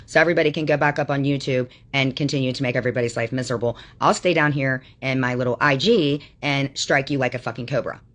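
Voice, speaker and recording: A woman's voice: extremely low pitch, fast, hardly any pauses. A woman livestreaming, ranting at her chat in a combative, mocking way with constant profanity.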